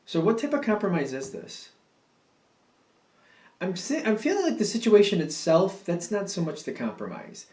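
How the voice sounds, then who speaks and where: A man's voice: high-pitched, very animated, moderate pace, a little mellow, recorded from a distance. A man giving a casual tarot reading, musing and rambling with many fillers and restatements. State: yawning, a bit drowsy. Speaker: tarot reader. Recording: roomy sound from off the mic.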